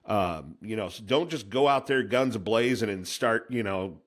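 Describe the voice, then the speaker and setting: A man's voice: fairly low pitch, animated, moderate pace. A man hosting a podcast interview, giving listeners direct, firm advice. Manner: direct, advising listeners firmly. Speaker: podcast host.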